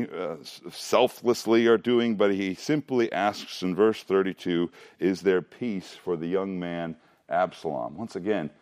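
Middle-aged guy preaching thru a bible passage, lowish voice, chatty and animated. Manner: conversational, animated, frequent restarts. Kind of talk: expository Bible teaching.

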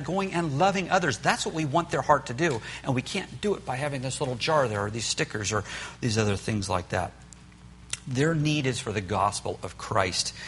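A man's voice: medium pitch, fairly bright tone, slight background noise. A man teaching a church parenting class in an earnest storytelling manner, often acting out what parents and children say. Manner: earnest storytelling, acts out quotes. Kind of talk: sermon-style parenting class.

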